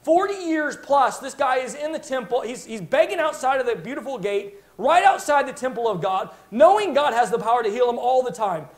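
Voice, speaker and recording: A man's voice: very high-pitched, expressive, fairly quick, hardly any pauses. A male preacher telling a Bible story in a sermon with passionate, dramatic storytelling. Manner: impassioned storytelling, dramatic retelling.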